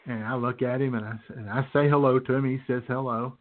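A male host spins a story in easy, casual chat and laughs at his own tale. His voice sits in a middle pitch. The audio is narrow and phone-like. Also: fairly even intonation, fast talker. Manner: laughing through his anecdote, with restarts. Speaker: show host.

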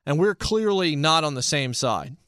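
A man casually reviewing a TV series, talking in an emphatic, animated way. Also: fairly high pitch, normal speed, smooth, dry recording, studio quality.

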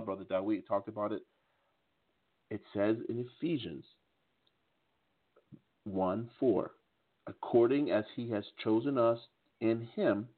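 A man in his fifties speaks fervently over a phone line, his voice squeezed thin and tinny. He sits at a middling pitch and keeps circling back, repeating words and restarting his sentences. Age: 50s. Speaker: participant. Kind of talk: preachy call-in talk. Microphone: phone call.

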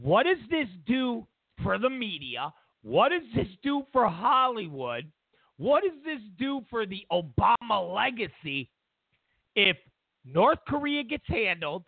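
A man's voice: high voice, very animated, slow, creaky, no echo. A man hosting a political commentary show, talking emphatically and mockingly, often repeating himself. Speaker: host. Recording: dry, tinny phone-like sound.

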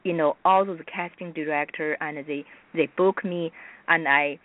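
On a dry, tinny phone line with no room sound, a low-voiced woman from China, a native Mandarin speaker with a Chinese accent, gives a radio interview as a guest actress. Her intonation stays fairly even as she speaks haltingly, restarts frequently, and keeps to simple non-native grammar.

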